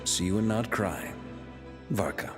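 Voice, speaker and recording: Streamer girl doing a deep gruff knight boss voice, big echo, loud music behind. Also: lively intonation, a little slow.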